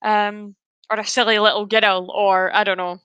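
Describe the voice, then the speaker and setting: A woman's voice: mid-range voice, flat delivery, normal speed, bright, forceful tone, clean tone, no echo. A Scottish woman co-hosting a fan podcast, chatting casually, swearing freely and laughing often. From Scotland. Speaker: podcast co-host. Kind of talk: casual chat.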